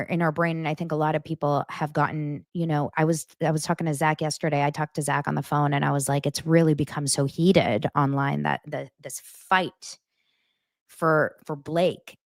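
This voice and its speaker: A woman hosting her own podcast, talking straight to her listeners in animated, casual commentary with lots of filler words. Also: low-pitched, moderate pace, no echo, clean studio sound. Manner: animated, talks directly to listeners, many "like" fillers. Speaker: podcast host.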